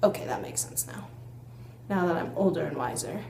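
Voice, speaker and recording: A woman's voice: deep voice, a little fast, gravelly, echoey room, a little hiss or hum, rough recording. A young woman vlogger reading an old letter aloud and mocking her own writing as she goes. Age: young adult. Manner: self-mocking, animated.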